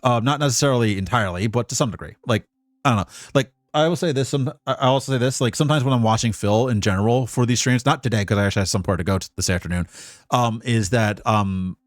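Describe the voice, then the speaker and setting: A male VTuber rambles through casual stream commentary, swearing freely and getting worked up as he talks. His voice sits at an ordinary middle pitch. The sound is close and dry, with no room in it. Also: fast talker, no room sound. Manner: rambling and profane; emotionally animated on stream.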